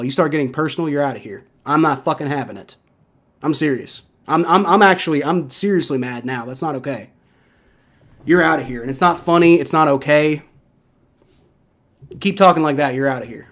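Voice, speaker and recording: Reacting live to football on his stream, a young man speaks a little fast in a high-ish, slightly bright voice. The rant is heated and full of profanity, with frequent repetition and restarts.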